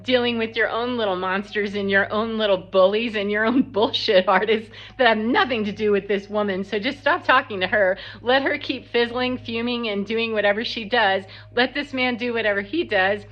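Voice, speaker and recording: Bright-voiced woman telling a blunt story. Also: fairly high pitch, moderate pace, hardly any pauses. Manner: animated, blunt, acts out the quotes. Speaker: spiritual vlogger. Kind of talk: casual storytelling monologue. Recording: slightly dull lo-fi sound.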